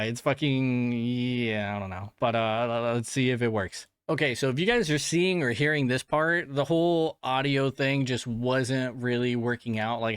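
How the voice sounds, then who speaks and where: A man's voice: medium pitch, a bit bright, smooth, dry recording, clean studio sound. A man hosting a podcast, telling a story in a casual, rambling way, swearing often and laughing at himself. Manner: rambling and profane, with frequent restarts and filler; self-deprecating, laughing at himself. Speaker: podcast host.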